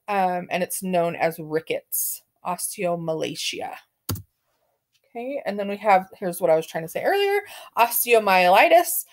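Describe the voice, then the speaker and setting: A woman's voice: mid-range voice, darkish tone. A woman teaching a medical terminology class, talking casually with many fillers and putting questions to her students. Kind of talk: classroom lecture.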